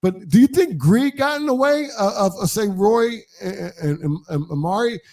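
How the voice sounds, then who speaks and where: A man's voice: high-pitched, animated, moderate pace, a little mellow. A man hosting a podcast in casual chat, rambling with many fillers and repeated starts. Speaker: podcast host.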